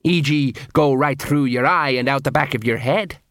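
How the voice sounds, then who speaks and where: A man's voice: medium pitch, moderate pace, a bit bright, dry recording, studio quality, natural voice. A man voicing a grumbling, fretful middle-aged watch sergeant in an audiobook reading.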